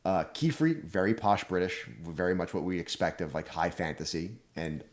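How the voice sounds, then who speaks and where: Very low voiced guy on a podcast, calm, picks apart the details. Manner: analytical, measured, explains at length. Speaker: podcast co-host. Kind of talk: casual chat.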